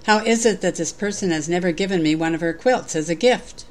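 A woman's voice: fairly low pitch, brisk, lightly acted. Woman reading as a greedy storybook king. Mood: demanding. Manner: lightly acted storybook reading. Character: greedy, sulking male king.

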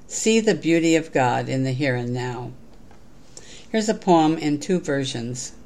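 A spiritual speaker giving an inspirational talk and leading a guided meditation in a calm, measured, gently instructive way. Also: mid-range voice.

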